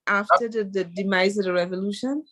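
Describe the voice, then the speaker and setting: A woman's voice: mid-range voice, a little fast, sharp tone. A woman hosting a radio interview, talking in a conversational, engaged way. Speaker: host.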